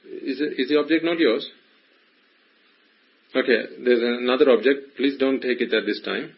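A husky male voice in a dull, lo-fi recording. He teaches Buddhist ideas to a small group, pressing his listeners with playful, teasing questions. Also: mid-range voice, moderate pace. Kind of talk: Dhamma talk to a small group.

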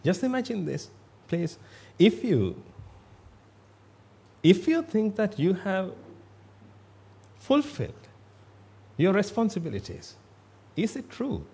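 A man's voice: high voice, huge pitch swings, takes it slowly, creaky, long pauses, mellow, breathy edge. A man giving a Buddhist sermon in a blunt, emphatic way, repeating himself for stress. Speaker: Buddhist monk.

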